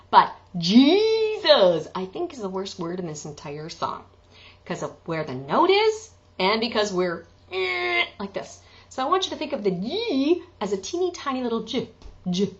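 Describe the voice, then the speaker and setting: A woman's voice: mid-range voice, sing-song, fairly quick, dull audio. A woman teaching an online singing lesson, chatty and joking, breaking into sung examples. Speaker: vocal coach.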